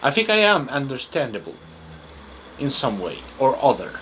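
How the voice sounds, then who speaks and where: A Chilean man who speaks Spanish natively and teaches English rambles through an improvised, self-recorded monologue, chatty and full of fillers. His mid-range voice swings hugely in pitch at a moderate pace, sounding pushed and bright, with a little hiss or hum on the recording.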